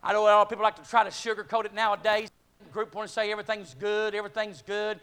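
A man preaching a sermon, calling out to the congregation and climbing to shouted peaks, short of breath at times. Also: sits high, flat delivery, quick pace, clear, resonant tone. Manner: call-and-response, rising to shouting peaks.

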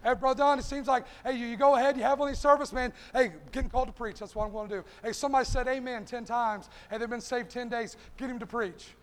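A man's voice: extremely high pitch, steady tone, fast, hardly any pauses. A man preaching an impassioned sermon, starting almost every phrase with "hey.". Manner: impassioned, repeats "hey" constantly. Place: church sanctuary. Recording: long hall reverb.

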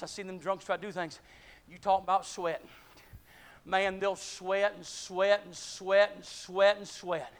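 A man preaching a sermon, calling out to the congregation and climbing to shouted peaks, short of breath at times. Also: high voice. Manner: call-and-response, rising to shouting peaks.

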